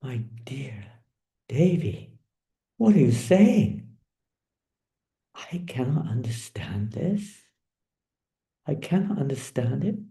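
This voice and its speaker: A man voicing a tender divine lord who gently questions his queen, as part of a told story. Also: on the low side, big pitch swings, moderate pace, few pauses, roomy sound. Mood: bewildered.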